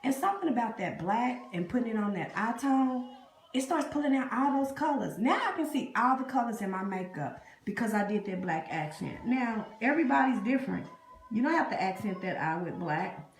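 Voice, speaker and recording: A woman's voice: on the high side, expressive, a little fast, reverberant, faint music behind. A woman hosting a live makeup tutorial, chatting with viewers and calling them y'all and honey. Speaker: beauty vlogger. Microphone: phone camera up close.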